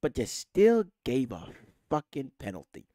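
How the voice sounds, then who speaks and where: A man in a furious fan rant, swearing freely as his pitch swings wildly up and down. His voice sits at a middling pitch and sounds dry and close, with no room around it. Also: unhurried, no room sound. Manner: furious, profane, animated ranting. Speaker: football fan channel host. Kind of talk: angry fan rant to camera.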